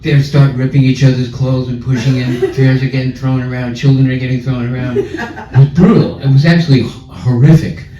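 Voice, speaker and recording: A man telling a humorous story in a spiritual talk, animated, laughing often and acting out scenes. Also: mid-range voice, fairly quick, few pauses, crowd noise. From New York. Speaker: spiritual speaker. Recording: echoey room, far and dull.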